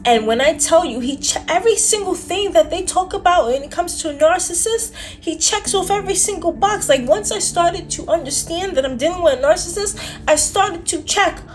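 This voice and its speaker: A woman's voice: very high-pitched, expressive, fairly quick. A woman vlogger telling her own story to camera in a casual, blunt, emphatic way, with lots of "like" fillers and slang. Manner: emphatic, candid, frequent "like" fillers. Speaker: self-development vlogger.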